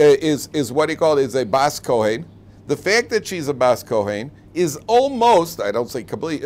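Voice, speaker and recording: Rabbi, lively classroom talk, jokey asides, faint room hum. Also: male voice, on the high side. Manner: chatty and joking, acts out quoted lines. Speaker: rabbi teaching a weekly Torah class. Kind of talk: informal classroom lecture.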